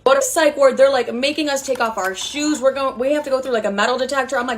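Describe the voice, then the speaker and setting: A woman's voice: high voice, fast, hardly any pauses. A woman in her twenties telling a profane, chatty story about her family, full of quoted dialogue. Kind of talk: casual storytime.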